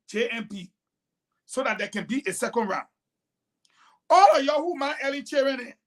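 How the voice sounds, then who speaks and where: A woman delivers fierce political commentary on a talk show. Her voice sits high, and she jumps from loud, emphatic bursts to low, pointed asides. She is combative and lecturing. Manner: emphatic, combative, swings between loud outbursts and quiet asides.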